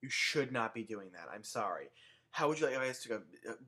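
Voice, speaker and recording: Young male vlogger, very bright edge to the voice, mid pitch, sarcastic comic rant. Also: fast. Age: young adult. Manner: sarcastic, animated, swears. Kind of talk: comedic rant to camera.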